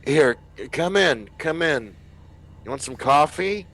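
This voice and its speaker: A man's voice: fairly high pitch, expressive, vocal fry, a bit bright, pitched above the performer's own voice, full character voice. A man voicing a confused, groggy male survivor who has just woken, in a tabletop game. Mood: dazed. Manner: groggy, halting, disoriented.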